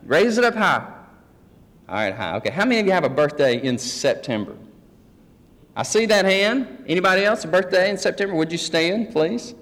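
A man's voice: high voice, lively intonation, normal speed, a bit bright. A man preaching a folksy teaching sermon, joking with his congregation. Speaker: pastor. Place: church sanctuary. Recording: long hall reverb.

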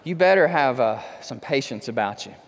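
A man's voice: medium pitch, lively intonation, normal speed, long reverb tail. A man preaching a sermon, talking conversationally and building to impassioned pleading. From Texas. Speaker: pastor.

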